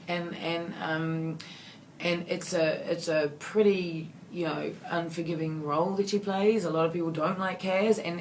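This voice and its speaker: A woman's voice: low voice, a little hiss or hum. Chatty woman. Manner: rambling, warm and effusive, many fillers and restarts. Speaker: actress answering fan questions. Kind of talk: casual Q&A.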